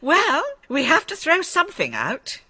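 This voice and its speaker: Granny Pig, brisk and motherly. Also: high voice, wildly swooping pitch, reverberant, big-room sound, heavy background noise, full character voice. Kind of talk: children's cartoon voice acting. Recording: music playing behind.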